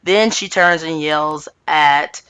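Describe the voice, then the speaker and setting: A woman's voice: low-pitched, slow, a bit bright, clear, resonant tone. A woman hosting a reality TV recap in casual chat, blunt and sassy, swearing and using slang as she talks to her viewers.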